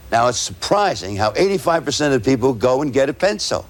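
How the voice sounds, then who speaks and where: A man lecturing a room of salespeople in a direct, conversational way. He keeps checking in with rhetorical "right?" questions and slows right down to spell words out letter by letter. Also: medium pitch, big pitch swings. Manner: tags points with rhetorical "right?". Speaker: sales trainer.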